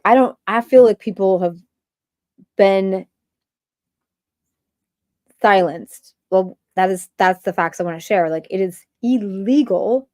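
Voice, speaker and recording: A woman's voice: mid-range voice, darkish tone, dry recording, clean studio sound. A woman hosting a livestream, ranting in a rambling stream-of-consciousness way with many filler words. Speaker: livestream host.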